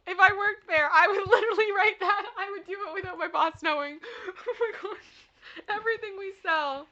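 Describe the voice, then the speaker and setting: Her voice is extremely high, pushed and bright, at a normal speed, captured in dull audio. The woman hosts a laid-back livestream where she reads amusing signs aloud, laughs often, giggles playfully and responds to her chat.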